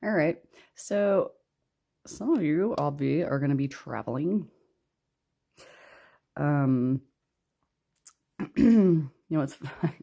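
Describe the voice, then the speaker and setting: A woman's voice: low-pitched, lively intonation, takes it slowly, gravelly, pauses often, dark tone. A woman doing a casual tarot card reading in her living room, chatty and snarky and laughing often. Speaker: tarot reader.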